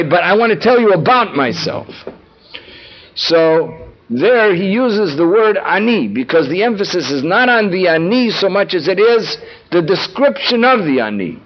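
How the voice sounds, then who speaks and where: A man teaching a text study lesson, explaining word meanings and repeating key phrases for emphasis. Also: sits high. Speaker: Torah teacher. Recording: dull lo-fi recording.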